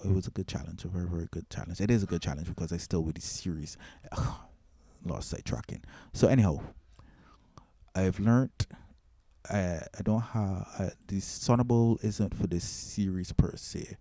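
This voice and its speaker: A man's voice: low-pitched, normal speed, warm tone, dry recording. A man hosting a casual mixing tutorial, rambling with restarts and filler words. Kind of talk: casual screen-recorded tutorial.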